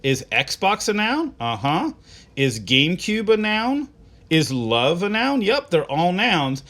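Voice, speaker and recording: Taking it slowly, a male teacher leads a recorded online class, patiently putting simple questions to students and reading short poems. His high-pitched, fairly bright voice swings widely in pitch.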